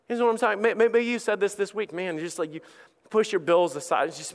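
A man's voice: sits high, fairly even intonation, fast talker. A middle-aged male pastor preaching an impassioned sermon, acting out the voices of his listeners. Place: church auditorium. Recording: long reverb of a large hall.

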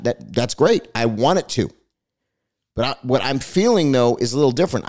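A man's voice: medium pitch, a little mellow. A man hosting a Christian broadcast, preaching his commentary with passion and a repetitive cadence. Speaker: host of a Christian commentary show.

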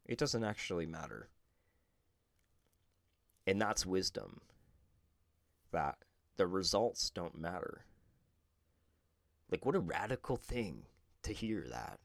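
A man's voice: low voice, very animated, slow, long pauses, dry recording, studio quality. A man hosting a podcast, talking through spiritual ideas in a thoughtful, conversational way and sometimes correcting himself mid-sentence. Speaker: podcast host. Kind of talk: reflective podcast commentary.

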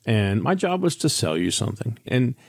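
An older man hosts a financial radio show in a mid-range, sing-song, gravelly voice with a breathy edge and a moderate pace. He's a financial advisor delivering a candid, chatty monologue of frank stories with many restarts, captured in a dry, studio-quality recording.

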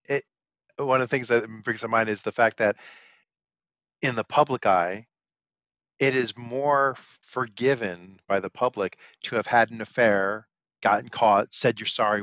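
A man's voice: lowish voice, fairly even intonation, moderate pace, fairly bright tone, no room sound, muffled recording. Wry male podcast co-host, dry sound. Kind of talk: casual podcast chat.

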